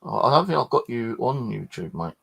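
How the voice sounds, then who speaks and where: A man's voice: medium pitch, very animated, brisk, creaky, fairly bright tone, husky. A tired man chatting casually as a ghost hunter, swearing freely and wandering off track with lots of restarts. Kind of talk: rambling casual chat.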